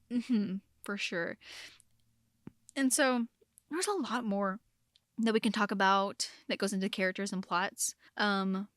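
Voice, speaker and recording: A woman co-hosting a casual podcast, talking about a TV drama in an animated way and full of fillers as she acts out lines. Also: mid-range voice, no echo, studio quality. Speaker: podcast co-host.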